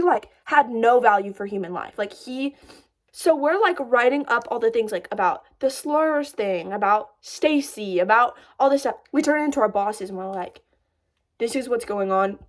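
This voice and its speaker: A young woman in her twenties telling a story to her phone camera in a casual vlog, animated and breathless, with lots of "like" and laughter as she goes. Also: a little high. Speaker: storyteller vlogger.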